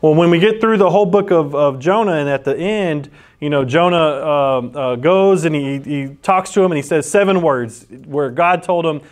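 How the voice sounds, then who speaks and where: A man's voice: a little high, normal speed. A man preaching a conversational sermon, rambling and often restarting his sentences. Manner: rambling storyteller with frequent restarts.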